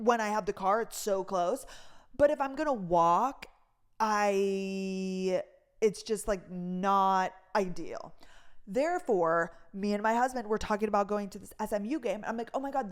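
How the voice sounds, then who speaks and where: A young woman from North Dakota chatting casually in a rambling voice-memo style, filling her talk with "like". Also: medium pitch. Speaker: vlogger.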